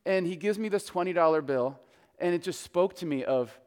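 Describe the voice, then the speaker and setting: A male pastor delivers a sermon in a loose, conversational storytelling style. His voice sits high and smooth. A long reverb from a large room trails each phrase. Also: brisk, darkish tone.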